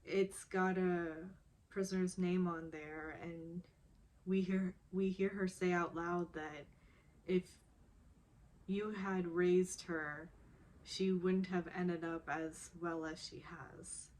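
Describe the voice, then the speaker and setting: A woman's voice: on the low side, little pitch movement, slow pace, darkish tone, a little hiss or hum. A woman recapping a drama episode in a casual, chatty way, laughing often as she talks.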